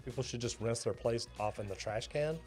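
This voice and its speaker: A man's voice: medium pitch, fairly quick, darkish tone, soft background music. A man, a plumber hosting a reaction video, explaining things in a friendly, folksy way. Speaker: plumber and host reacting to a clip. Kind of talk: reaction commentary.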